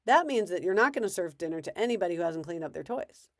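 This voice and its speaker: A woman's voice: lowish voice, animated, quick pace, dry recording, clean studio sound. A woman parenting coach giving casual advice in a conversational way, acting out bits of parent and child dialogue.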